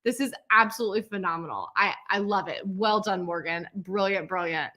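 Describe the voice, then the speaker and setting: A woman hosting a quilting class celebration, gushing with praise and calling out each student's name with a loud cheer. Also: mid-range voice, fairly quick. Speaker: quilting teacher and host. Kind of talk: livestream celebration of student work.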